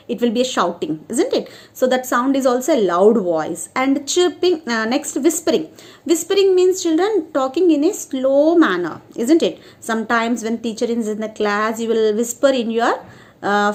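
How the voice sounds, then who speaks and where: Woman, high voice, sing-song primary-school teacher on an online class. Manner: sing-song, keeps asking "isn't it, children?". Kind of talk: online class lesson for children.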